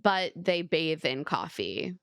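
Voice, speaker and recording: A woman's voice: low-pitched, sing-song, takes it slowly, vocal fry, a bit bright, no room sound, clean studio sound. Blunt swearing woman podcast co-host. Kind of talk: casual recap chat.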